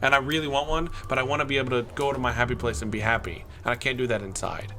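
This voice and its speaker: A man's voice: mid-range voice, fairly even intonation, very fast. A man playing in a tabletop game, rambling and stammering as he pleads. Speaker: player.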